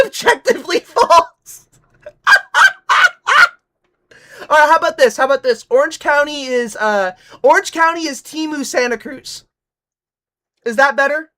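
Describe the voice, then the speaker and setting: A young woman streamer from Nevada chats casually and rants, swearing freely as she mocks. Her voice sits high and carries a bright, sharp edge. She talks in a loose, joking stream style. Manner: profane, ranting, mocking.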